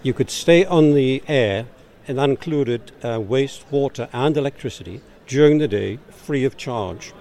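A man's voice: mid-range voice, warm tone. A Geordie man, director of a campaign group, answering interview questions in a matter-of-fact way and explaining with figures, recorded outdoors.

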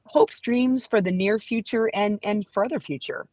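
A woman's voice: medium pitch, unhurried, darkish tone, no echo. A middle-aged woman hosting a podcast, chatting casually in a rambling way with restarts. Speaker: podcast host. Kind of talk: casual chat.

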